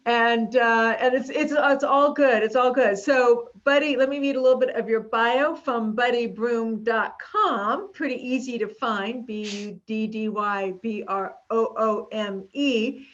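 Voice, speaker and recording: A woman's voice: on the high side, unhurried, few pauses. A woman in her fifties hosting a podcast interview, bubbly and teasing in casual chat, laughing often. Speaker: podcast host. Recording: dull lo-fi audio.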